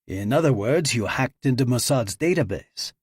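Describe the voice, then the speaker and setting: A man's voice: medium pitch, expressive, normal speed, slightly rough, no room sound, clean studio sound. A man voicing a young male lockpicker who talks casually with a challenging edge.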